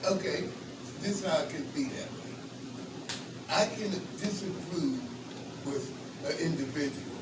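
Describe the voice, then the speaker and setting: A man in a recovery group speaks earnestly and plainly, his voice a little high. He sounds far from the mic in an echoey room with heavy noise behind him. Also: measured pace, pauses often. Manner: earnest, reflective, plain-spoken. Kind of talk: sharing in a group session.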